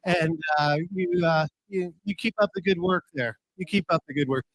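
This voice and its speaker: A man's voice: high voice, normal speed, no echo, poor audio. Man thanking a speaker. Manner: warm thanks, repeats himself.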